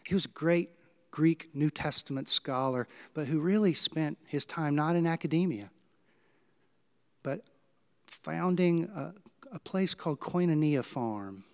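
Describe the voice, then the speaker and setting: A man preaches from the pulpit, his voice sitting a little high for a man. He tells stories with sudden swings in pitch and loudness, rising up and then dropping low. The delivery is earnest sermon storytelling. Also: measured pace. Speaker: pastor.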